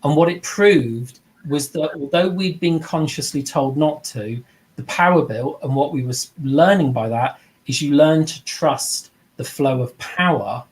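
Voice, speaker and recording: A man's voice: on the high side, measured pace. A man teaching trance mediumship over a video call, conversational and repetitive, acting out quoted voices as he tells stories. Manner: conversational, repeats himself, acts out quoted voices. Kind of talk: teaching with personal anecdotes.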